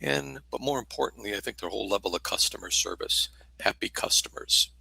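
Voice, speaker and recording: Older guy, gravelly low voice, punchy and bright, dry close mic, folksy. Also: animated, brisk, poor audio. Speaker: panel guest, shop owner and trainer. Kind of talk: casual podcast interview.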